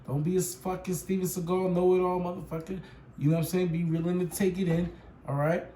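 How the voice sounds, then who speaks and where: A man's voice: on the high side, steady tone, quick pace, warm tone. Slangy rambling man in an echoey room. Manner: slangy, rambling, profane, keeps asking "you know what I'm saying". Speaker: reaction channel host. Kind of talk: casual reaction commentary. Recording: roomy echo with faint noise.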